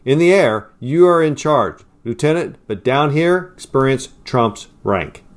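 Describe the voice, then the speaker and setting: A man voicing a blunt, steady young Marine squad leader who gives commands with firm authority. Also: medium pitch, unhurried, close to an everyday voice.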